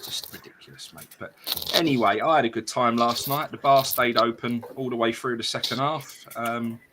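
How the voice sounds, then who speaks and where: A man's voice: medium pitch, fairly even intonation, normal speed, noisy background. A man chatting casually as co-host of a football fan show, telling stories laid-back and calling people mate. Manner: laid-back storytelling, says mate often. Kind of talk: casual chat.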